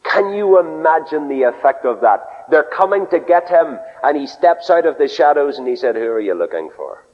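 A man delivers a sermon, earnestly telling stories and lowering his voice to a soft hush whenever he quotes someone. The recording sounds like a dull radio broadcast with long reverb.

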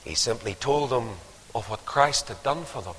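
A man's voice: mid-range voice, animated, normal speed, a bit bright, a little hiss or hum. An older man preaching a sermon, telling stories and building to emphatic calls to action. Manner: storytelling, rising to emphatic exhortation. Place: church. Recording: long hall reverb.

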